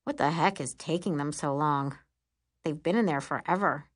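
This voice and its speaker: A woman's voice: low voice, moderate pace. A woman voicing a dry, teasing teen girl at camp in an audiobook.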